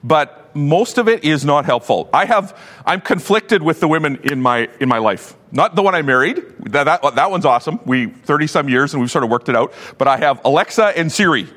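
A man in his fifties, a pastor giving a sermon with animated, joking storytelling. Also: on the high side, fairly quick. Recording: long hall reverb.

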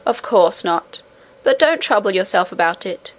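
A woman reading aloud voices a calm, wise and mysterious old grandmother who speaks in a measured, reassuring way. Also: mid-range voice, natural voice, poor audio. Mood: serene.

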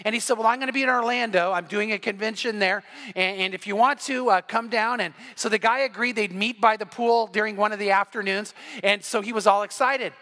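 A man's voice: high-pitched, steady tone, brisk, pushed and bright. A man pastor giving a sermon, telling a story with animation and acting out the quoted voices. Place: church sanctuary.

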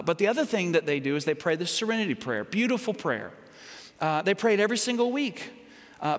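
A male pastor preaching a sermon in a loose, conversational way, sometimes acting out mock voices. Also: high voice. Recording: church hall reverb.

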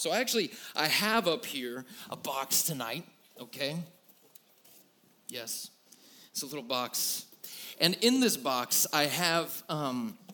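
A man's voice: a little high, a bit bright. A man in his thirties preaching to a room, telling a personal story in a candid, self-deprecating way with many fillers. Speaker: youth pastor. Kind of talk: sermon.

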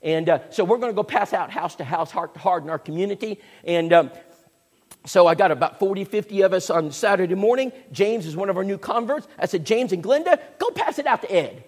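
A man, preaching a sermon as a folksy, animated storyteller. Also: high voice, fairly quick. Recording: echoey hall with long reverb.

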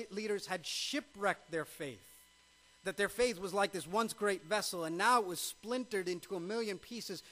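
A man's voice: high voice, a bit bright, low-quality recording. A male pastor preaching a sermon, emphatic, with frequent rhetorical questions.

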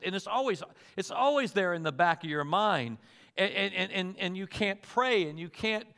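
Preacher guy, high bright voice, asks the crowd loads of questions, acts out quotes. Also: big-room sound. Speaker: pastor. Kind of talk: sermon.

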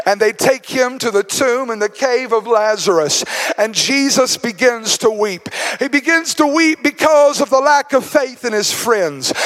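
A man preaching a sermon as a guest speaker, impassioned and building to shouts, acting out the words of biblical figures. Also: very high voice. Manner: acts out biblical speakers in dramatic quotes.

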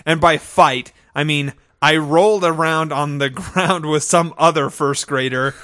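A bright, slightly high-pitched man recapping a show in casual podcast chat. He talks animatedly and slips into quick impressions of the characters, laughing as he goes. The sound is close and dry. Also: steady tone, dry recording. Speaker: podcast co-host.

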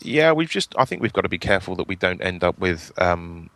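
Low-voiced man, laughing and quipping. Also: big pitch swings, fairly bright tone, dry recording. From England. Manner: laughs often, quick quips. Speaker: podcast panelist. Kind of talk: casual panel chat.

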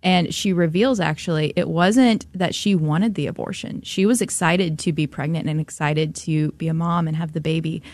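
A woman with a lowish voice who talks through a story on talk radio in a relaxed, conversational way. She often pauses on fillers. Her voice sounds close and dry. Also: no echo. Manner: conversational, with frequent um and uh. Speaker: guest commentator, writer.

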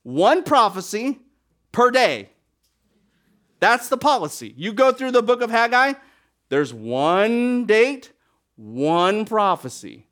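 A male preacher with a high, lively voice that leaps up and down in pitch. He delivers a sermon with big dramatic swings, punching some phrases loudly and dropping others to a hush. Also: slow, pauses often. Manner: animated, dramatic swings between loud emphasis and near-whispers.

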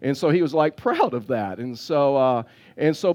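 A man's voice: a little high, very animated, brisk, lo-fi sound. A man, a pastor preaching a sermon, telling stories with repeated words and restarts. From Texas.

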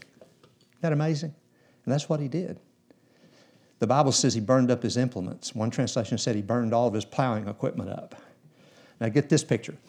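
A man's voice: medium pitch, a little mellow. A man preaching a sermon in a church, telling Bible stories in a folksy way and acting out the characters. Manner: folksy storytelling, acts out biblical characters.

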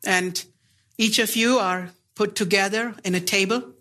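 A man preaching a sermon, earnest and deliberate, pressing his listeners with pleading rhetorical questions. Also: high voice, fairly even intonation, pushed and bright.

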